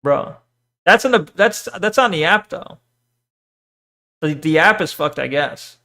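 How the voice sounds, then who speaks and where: Man, streamer, fairly high voice, loose swearing chatter, rambly. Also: animated, measured pace, pushed and bright. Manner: rambling, swears often, reads chat aloud. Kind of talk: casual stream chat.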